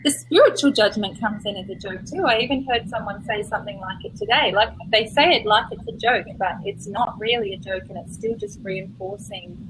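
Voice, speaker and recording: A woman's voice: mid-range voice, brisk, few pauses, background noise. A woman in a casual online discussion, speaking emphatically and with animation. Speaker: discussion participant.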